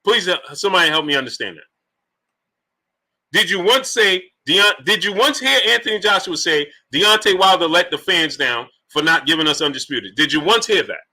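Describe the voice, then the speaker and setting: This boxing talk show host speaks at normal speed in a high, sharp voice with lively intonation. Running his live stream, he reads super chats aloud and peppers the chat with repeated rhetorical questions.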